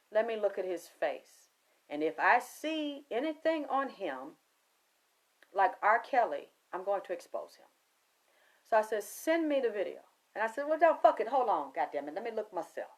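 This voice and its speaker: A woman's voice: medium pitch, big pitch swings, normal speed. Profane, emphatic woman telling a story. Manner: profane, emphatic, quotes herself and others. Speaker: psychic reader. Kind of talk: casual storytelling monologue.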